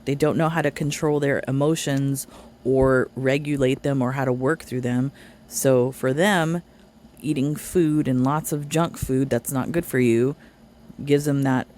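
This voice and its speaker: A woman's voice: very deep voice, fairly even intonation, a little slow, darkish tone. Blunt sarcastic woman commentator. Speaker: reaction commentator. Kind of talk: casual commentary.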